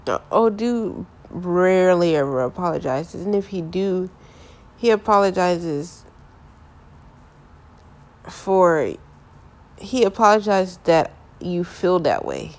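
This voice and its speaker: A woman's voice: fairly low pitch, expressive, slow, pauses often, darkish tone. A young woman talking candidly about her relationships in a casual, frank monologue full of filler phrases.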